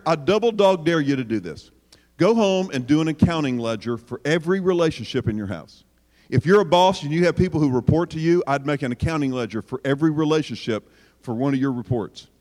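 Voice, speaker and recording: A man preaching to a packed hall, his fairly high voice carrying with a long reverb tail. He jokes and teases the audience, asks them questions, and then turns serious. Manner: animated, joking, addresses audience directly. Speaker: speaker on parenting. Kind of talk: sermon.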